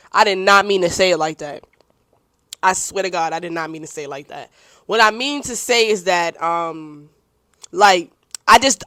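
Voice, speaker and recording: A young adult woman talks bluntly through listener questions on her own podcast, casual and profane, apologizing in a rush when she thinks she has gone too far. Her voice sits a little high. The sound is dry and close. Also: fairly bright tone, no room sound. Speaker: podcast host.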